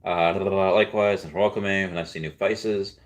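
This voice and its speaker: Brief: deep-voiced male streamer, loose rambling chat, reads comments out to viewers. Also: steady tone, brisk. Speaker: livestream host. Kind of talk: casual livestream chat.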